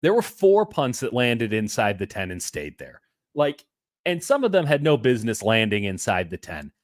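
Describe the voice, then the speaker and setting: A man hosting a casual sports podcast, talking with animated swings between loud and soft. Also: lowish voice, normal speed, no echo, studio quality. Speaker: podcast host.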